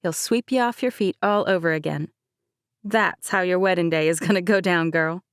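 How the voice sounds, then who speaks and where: A woman's voice: on the low side, moderate pace, clear, resonant tone, dry recording, clean studio sound, lightly acted. Woman doing a soothing Southern young agent. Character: upbeat young female FBI agent.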